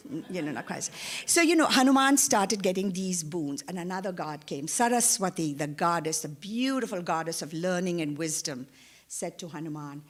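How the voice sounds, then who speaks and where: A woman telling a religious story in a sermon, animated and conversational, with many asides. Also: lowish voice, moderate pace. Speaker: guest speaker. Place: church.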